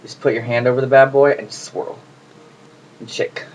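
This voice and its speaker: A man's voice: medium pitch, little pitch movement, brisk. A man hosting a casual home cooking video, chatty and jokey as he talks to the camera while he works in his kitchen. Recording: noisy home recording.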